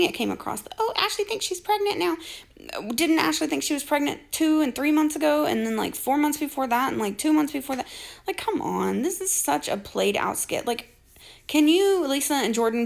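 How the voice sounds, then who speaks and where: A high-pitched woman in her forties talks through online drama with sarcasm and a heavy gravelly fry. She sounds exasperated and keeps slipping into mocking impressions of the people she describes. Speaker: social media commentator. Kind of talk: gossip commentary.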